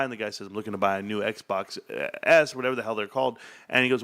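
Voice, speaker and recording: A man hosting an investing chat, telling a store story with lively acted-out dialogue. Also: medium pitch, brisk. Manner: animated storyteller acting out shop dialogue. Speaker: stock channel host.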